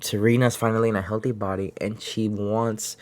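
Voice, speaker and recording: A man's voice: fairly low pitch, little pitch movement, a little fast, darkish tone, lightly acted. A man voicing a teenage boy scolding himself with guilt. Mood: self-reproach.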